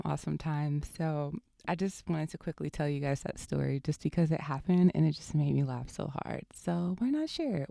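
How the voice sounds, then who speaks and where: A woman's voice: sits low, gravelly, warm tone, no echo, clean studio sound. A young woman hosting a podcast, casually telling a story and often laughing as she talks. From California. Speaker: podcast host.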